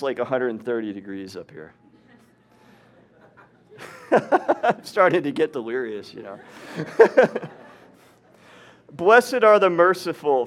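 A man giving a casual, conversational sermon, teaching from scripture with personal stories, laughing often and checking in with "right?" and "okay?". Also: on the high side. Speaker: preacher and teacher. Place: hot upstairs room, live audience.

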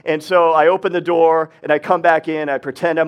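In a hot upstairs room, a preacher and teacher gives a casual sermon to a live congregation, blending scripture with stories from his teaching days. His voice is a little high and a little fast, with hardly any pauses. He's chatty and easygoing, laughs often, and keeps checking that the room is with him by asking "right?" and "okay?".

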